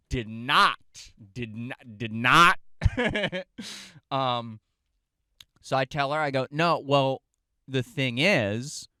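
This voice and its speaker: A man telling a comedic story, animated and profane, jumping between loud outbursts and hushed asides while acting out the dialogue. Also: medium pitch, clear, resonant tone, no echo. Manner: profane, self-interrupting, acts out the dialogue.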